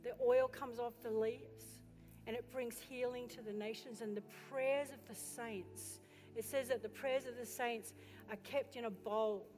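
A woman pastor delivers a sermon in a church. Her voice sits high and climbs to loud, urgent exhortation, and between those passages she drops to chatty questions for the congregation. Her voice rings out in a reverberant hall with faint music behind it. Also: fairly even intonation, measured pace. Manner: impassioned, builds to loud exhortation.

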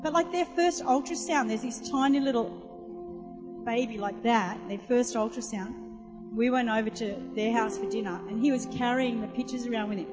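Woman preacher with a high voice, an animated storyteller, recorded live in a church hall with reverb and music underneath. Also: moderate pace. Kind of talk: sermon with storytelling.

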